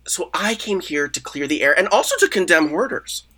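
Man, comedy podcast guest, rambling, stammering, self-justifying, lively pitch. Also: a little fast. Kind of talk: improvised comedy interview.

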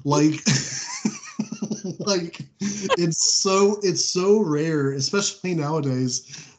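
A man's voice: mid-range voice, a little mellow. A man co-hosting a podcast, talking casually and rambling with many fillers and frequent laughs. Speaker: podcast co-host. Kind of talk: casual chat.

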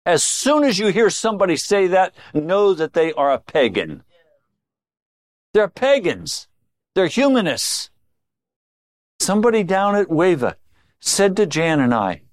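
Male pastor, middle-aged, sermon delivery, unhurried, drops low then punches lines up high. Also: very animated, no room sound, clean studio sound. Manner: dramatic swings between low intimate tones and raised emphatic lines.

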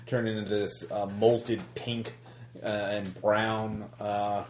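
Low-voiced man running a horror game. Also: little pitch movement, slow pace, darkish tone, echoey room, a little hiss or hum. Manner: hesitant, many fillers and restarts. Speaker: game master. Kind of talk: narrating a tabletop horror game.

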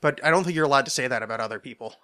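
A man's voice: mid-range voice, very fast, bright, forceful tone. A man hosting a podcast in a casual solo monologue, rambling and self-deprecating, with many restarts and asides. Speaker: podcast host.

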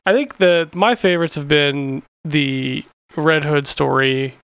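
A man's voice: fairly high pitch, slow pace, a bit bright, smooth, dry recording. A man co-hosting a casual podcast, talking bluntly and swearing a lot. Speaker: podcast co-host. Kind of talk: casual comic book chat.

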